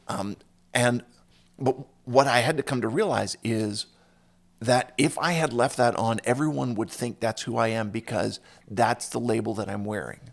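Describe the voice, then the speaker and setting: A man's voice: mid-range voice, creaky. A man hosting a podcast conversation, telling stories from his own life and acting out other people's lines. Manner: tells stories with lively quoted voices. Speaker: podcast host. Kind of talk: casual conversation.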